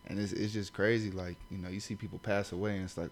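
A man's voice: low-pitched, flat delivery, quick pace. A young man from Los Angeles with a Los Angeles accent, telling stories in a casual chat, loose and profane with many asides.

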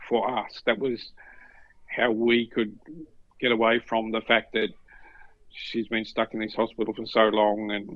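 A middle-aged Australian man telling stories in a relaxed chat, acting out the voices of the people in them. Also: on the low side, measured pace, no room sound, lo-fi sound. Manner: animated, acts out other voices in stories. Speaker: podcast guest. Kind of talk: casual storytelling.

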